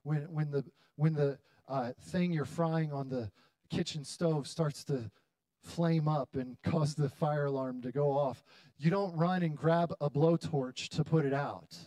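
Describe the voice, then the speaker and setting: A man in his thirties preaching a sermon to his church, building to loud, dramatic appeals with long pauses. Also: a little high, no echo. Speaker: pastor. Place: church hall.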